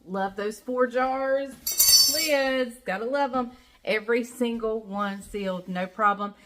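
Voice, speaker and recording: A woman's voice: fairly high pitch, slow, slight background noise. A woman with a Southern US accent hosting a casual home cooking vlog from her kitchen, chatty and folksy, laughing often. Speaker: cooking channel host.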